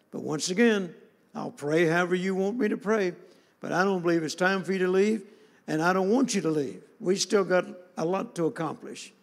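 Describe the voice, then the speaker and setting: Gravelly guy preaching, kinda high voice, lots of uh and restarts, big echoey church hall. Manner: earnest, halting storyteller with many restarts and fillers. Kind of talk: sermon storytelling. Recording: long reverb of a large hall.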